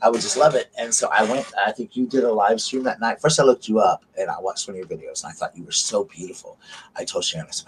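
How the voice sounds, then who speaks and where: At home by candlelight at night, a Southern US man gushes to his live stream audience in casual talk packed with fillers. He speaks quickly in a fairly low voice, and the low-quality recording has a little hiss or hum.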